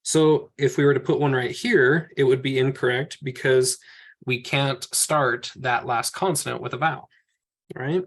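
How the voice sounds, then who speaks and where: A man's voice: mid-range voice, fairly even intonation, moderate pace. A man leads a class through slides in an ordinary, mid-range voice. He works through each example step by step and talks his reasoning through aloud. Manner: patient step-by-step explaining, thinking aloud. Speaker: teacher. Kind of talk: classroom teaching over slides.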